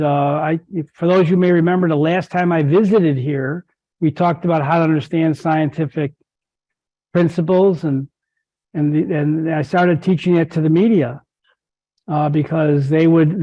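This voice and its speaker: Dull-sounding older-voiced doctor lecturing. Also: male voice, fairly high pitch, warm tone. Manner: explanatory, wry asides, frequent restarts. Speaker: guest speaker physician. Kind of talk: club presentation lecture.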